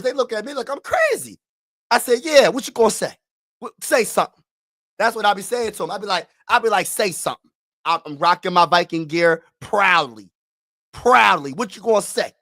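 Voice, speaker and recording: A middle-aged man from Pennsylvania vlogging as a sports fan, talking in an animated, emphatic way, repeating himself and sometimes shouting. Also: high-pitched. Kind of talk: excited casual fan vlog.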